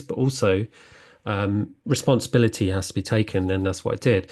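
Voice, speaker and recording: A man's voice: on the low side, gravelly, a little mellow. A man hosting a spiritual podcast, talking in an earnest, reflective monologue that halts often with fillers and restarts. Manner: halting, with many fillers and restarts.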